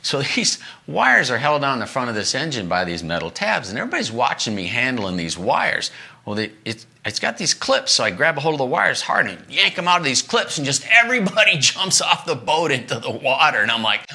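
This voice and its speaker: Animated storytelling man, bright voice. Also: fairly quick. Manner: animated, acts out quoted lines with big pitch jumps. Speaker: podcast host telling a road story. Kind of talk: casual storytelling.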